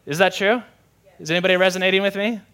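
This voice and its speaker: A man's voice: high voice, fairly even intonation, quick pace, fairly bright tone, clear, resonant tone. A young adult man, a pastor preaching a sermon in a conversational, candid way with self-deprecating humor.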